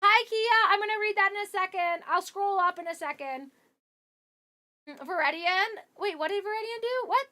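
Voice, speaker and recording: High-voiced chatty woman streamer. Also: normal speed. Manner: chatty and excitable, reacting out loud; soft doting baby talk to her pet. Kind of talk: casual live-stream chat while gaming.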